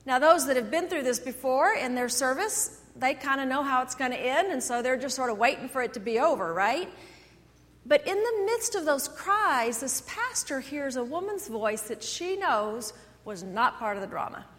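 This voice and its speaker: Woman pastor, high-pitched, animated storyteller; recorded in a reverberant sanctuary. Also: moderate pace. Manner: animated storytelling, swings between loud and soft. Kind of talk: sermon. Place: church sanctuary. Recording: echoey church hall.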